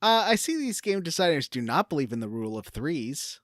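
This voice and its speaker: A woman's voice: deep voice, sing-song, fairly quick, no room sound. A woman co-hosting a casual gaming podcast, recapping the plot with wry, dry asides. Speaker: podcast co-host.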